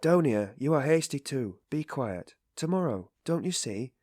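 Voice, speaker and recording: A man's voice: medium pitch, lively intonation, unhurried, a little mellow, dry recording, clean studio sound, voice pushed up. A man voicing an anxious, tearful middle-aged mother who pleads with her son in a raised, fretful voice. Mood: anxious pleading.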